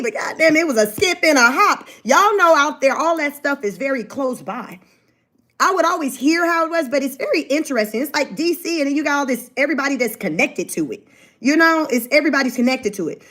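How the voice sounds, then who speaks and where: A woman, talking straight to her viewers. She tells her story in an animated, chatty way and laughs often. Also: high voice. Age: 40s. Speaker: vlogger. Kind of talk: casual livestream storytelling.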